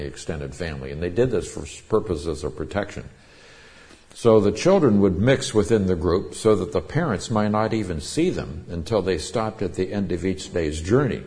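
A man with a very low, deep voice preaches a sermon. He teaches in a loose, conversational way, stopping to explain Greek words from Scripture. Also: a little mellow. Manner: conversational Bible teaching with Greek word studies. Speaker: pastor.

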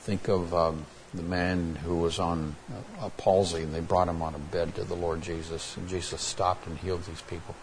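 Guy preaching a bible sermon, really low voice, earnest, lots of uh's, faint room sound behind. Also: little pitch movement, normal speed, few pauses, slight background noise. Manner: earnest, plainspoken, with frequent fillers and restarts.

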